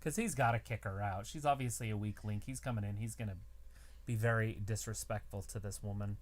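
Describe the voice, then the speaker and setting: A man co-hosting a live wrestling watch-along, chatting casually and speculating out loud about where things are heading. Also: fairly low pitch, steady tone, fairly quick. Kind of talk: casual live reaction chat.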